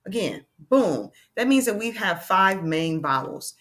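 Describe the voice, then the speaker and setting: A woman teaching a children's phonics lesson, slowly sounding out letters and cheering her young learners on. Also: medium pitch, sing-song, a bit bright.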